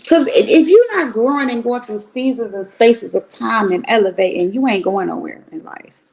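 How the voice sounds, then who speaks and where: Middle-aged woman streamer, gravelly and a bit high, blunt and profane, talks straight to her chat. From Cleveland, Ohio. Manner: blunt, profane and animated, with drawn-out asides. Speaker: livestream commentary host. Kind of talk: casual livestream commentary.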